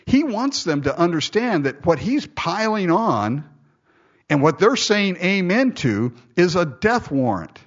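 A man's voice: high voice, sing-song, measured pace, lo-fi sound. A man preaching a sermon, reading scripture aloud and breaking off into jokey, conversational asides.

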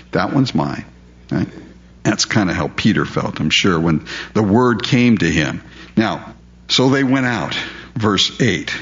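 A man's voice: on the low side, fairly bright tone. A man preaching a conversational verse-by-verse sermon, often asking the audience rhetorical questions. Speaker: pastor. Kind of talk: expository sermon. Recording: dull lo-fi recording.

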